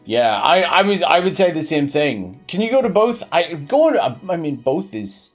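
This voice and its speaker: A man's voice: sing-song, normal speed, faint music behind. A man in his thirties chatting on a live game stream, rambling with many fillers and restarts. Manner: pitch swings widely.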